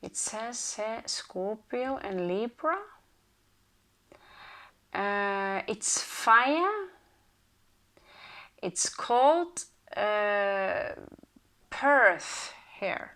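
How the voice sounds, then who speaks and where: A woman's voice: mid-range voice, expressive, drawn-out words, long pauses, fairly bright tone. A woman hosting a casual rune reading, thinking aloud with many hesitations. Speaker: rune reader and channel host.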